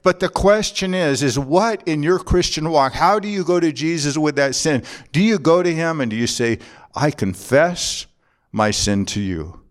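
Earnest man preaching with emphatic pauses. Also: on the high side. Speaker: pastor. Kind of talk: sermon.

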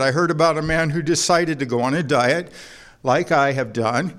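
A pastor delivers a sermon to his congregation in a relaxed, conversational manner. He mixes in jokes and asides. His voice sits a little on the higher side for a man. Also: normal speed. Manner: conversational preaching with humor and anecdotes. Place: church before a congregation.

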